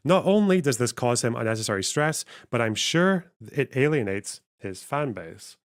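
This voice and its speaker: A man's voice: medium pitch, lively intonation, moderate pace. A man streaming, reading chat messages aloud and commenting on clips with wry asides. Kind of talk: casual reaction commentary.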